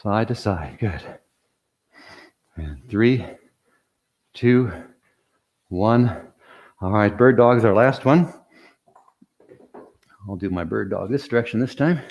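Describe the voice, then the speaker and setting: A man's voice: on the low side, animated, takes it slowly, pauses often, a little mellow. An older man leading a guided workout as an exercise coach. He talks while demonstrating the moves, counts down reps, reminds listeners to breathe and cheers them on with light jokes.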